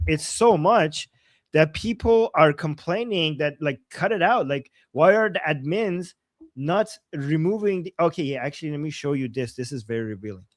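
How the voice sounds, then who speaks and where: Male host from Iran, high voice, dry close sound, emphatic live commentary. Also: dry recording. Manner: animated, emphatic, translating as he goes.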